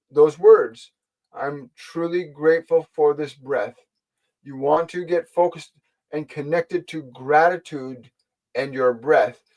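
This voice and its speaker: Earnest man, fairly high voice. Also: poor audio. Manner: earnest and repetitive, restating phrases for emphasis; gentle, speaks directly to viewers. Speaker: spiritual teacher and channel host. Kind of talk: live-stream spiritual guidance, answering viewer questions.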